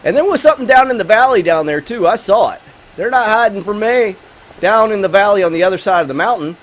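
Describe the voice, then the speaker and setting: A man running a gaming channel does let's play commentary mixed with a movie review, joking, excitable and talking straight to his viewers. He speaks quickly in a high-pitched voice.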